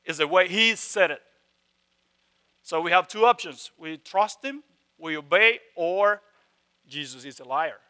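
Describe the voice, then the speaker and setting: Guy preaching a sermon, slow and deliberate, leans hard on words then goes quiet. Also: high-pitched, lively intonation, smooth. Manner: emphatic, swings from loud stresses to hushed tones; slow, deliberate delivery with repeated phrases. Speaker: pastor.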